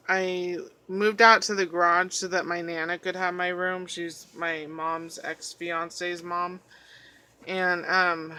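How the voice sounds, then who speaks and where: A woman's voice: on the low side, bright, forceful tone. A woman vlogger chatting casually through a journal flip-through, rambling as she tells stories and swearing now and then. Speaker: craft vlogger.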